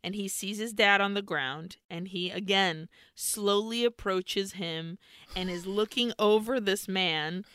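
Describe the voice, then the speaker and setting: A woman's voice: medium pitch, a little slow, clean tone, no room sound, studio quality. A woman co-hosting a podcast, animatedly retelling a film plot with lots of swearing and bits of Spanish. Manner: animated, profane storytelling with Spanish slipped in. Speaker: podcast co-host. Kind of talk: casual film recap.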